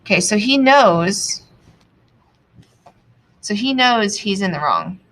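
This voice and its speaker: A young adult woman teaching, annotating a text aloud as she reads, thinking out loud with many pauses. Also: medium pitch, expressive, rough recording.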